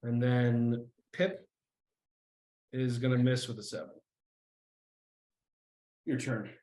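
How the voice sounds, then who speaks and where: Slow, halting game master in an echoey room. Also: male voice, mid-range voice, level tone, mellow. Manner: halting, many fillers. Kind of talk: running a tabletop game.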